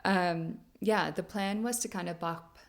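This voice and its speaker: A woman's voice: on the low side, fairly even intonation, unhurried. A woman hosting a podcast, telling a personal story in a chatty way, with lots of "like" fillers and frequent laughs. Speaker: podcast host. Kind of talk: casual storytelling monologue.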